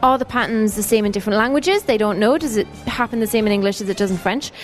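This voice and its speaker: A woman's voice: mid-range voice, fast, soft background music. A woman co-hosting a radio show, talking in a chatty, playful way. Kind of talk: casual radio banter.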